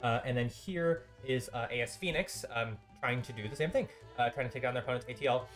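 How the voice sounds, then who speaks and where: Man, esports caster, solo live commentary, casual and rambling, lots of ums, dry sarcasm, mid pitch. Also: brisk, fairly bright tone, faint music behind. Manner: loose and chatty, lots of ums and uhs, dry sarcastic asides. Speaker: esports caster and stream host.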